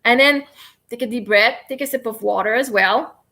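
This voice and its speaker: A woman's voice: fairly high pitch, moderate pace, bright, forceful tone. A woman hosting a casual livestream, explaining and demonstrating tapping in a chatty, rambling, self-deprecating way. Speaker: livestream host teaching tapping.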